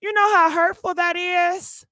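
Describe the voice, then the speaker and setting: A woman's voice: very high voice, fairly even intonation, unhurried, bright, forceful tone, no room sound. A woman hosting a live gossip stream who exclaims a lot and talks straight to her viewers. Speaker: gossip channel host.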